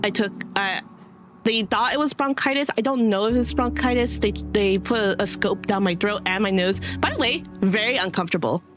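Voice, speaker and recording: A woman streamer talks casually to her viewers, circling her thoughts with fillers and false starts. Her throat sounds a little dry, and soft music plays faintly behind her. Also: mid-range voice. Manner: rambling, many fillers and restarts. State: dry throat, clearing it now and then. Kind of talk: casual chat to stream audience.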